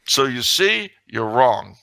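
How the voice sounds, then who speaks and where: A middle-aged man co-hosting a talk show, telling stories with animated mock indignation and acting out the dialogue. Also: mid-range voice, slow, gravelly, no echo. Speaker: podcast co-host. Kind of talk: casual banter and storytelling.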